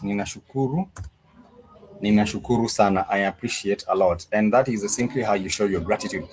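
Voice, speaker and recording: Patient low-voiced man teaching words. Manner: patient, repeats each phrase slowly. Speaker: language teacher. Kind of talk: online language lesson. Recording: steady background noise.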